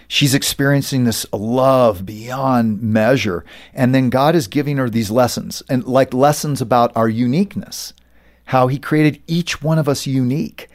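A middle-aged man, a pastor and author, telling stories as a guest in an interview, acting out the quoted voices. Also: mid-range voice. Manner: animated storyteller, acts out quoted voices. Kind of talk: storytelling interview talk.

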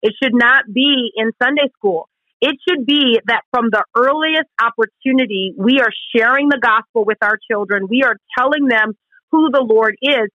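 Her voice a little high and her pace moderate, this radio co-host explains Scripture on a Christian talk show with earnest emphasis, dramatizing quoted questions. The recording is muffled, without echo.

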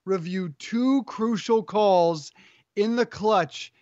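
A high-pitched man hosts a sports talk show, upbeat and teasing. His voice is dry and close, with a dull, lo-fi edge. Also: slow, a little mellow, dry recording.

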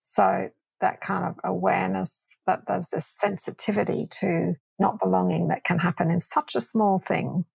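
Woman, interview guest, gravelly, breathy, measured and reflective. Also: lowish voice, steady tone, darkish tone, no room sound, poor audio. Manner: thoughtful, measured explaining. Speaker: guest, doctor and researcher.

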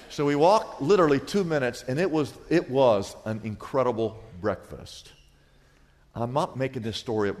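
A man's voice: mid-range voice, in a large hall. A man preaching a sermon, telling a personal story with humor before making his point to the congregation. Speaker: pastor.

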